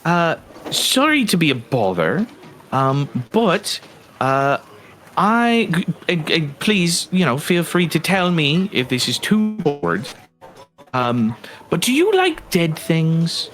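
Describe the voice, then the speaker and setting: A man's voice: a little high, huge pitch swings, slow, fairly bright tone, faint music behind, voice pushed up, heavily acted. Brief: man voicing a nervy, friendly satyr with a lifted voice in a tabletop game. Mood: eager. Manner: fumbling and apologetic, trailing off. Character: eager, overly friendly satyr with goat eyes.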